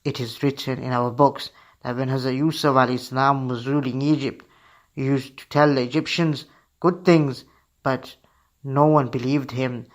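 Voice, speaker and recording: A man's voice: mid-range voice, fairly even intonation, moderate pace, lightly acted. A man reading a cautious, reasoning courtier. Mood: persuasive.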